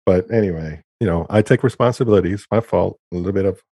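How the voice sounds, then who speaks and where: Deep, husky co-host, relaxed and tired. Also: male voice, quick pace, no room sound, studio quality. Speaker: podcast co-host. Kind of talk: casual podcast chat.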